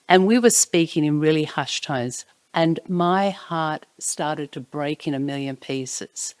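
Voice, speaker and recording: A woman narrating a personal anecdote in an expressive way, sometimes dropping to hushed tones. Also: sits low, a little slow, hardly any pauses, smooth, no room sound. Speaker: storyteller.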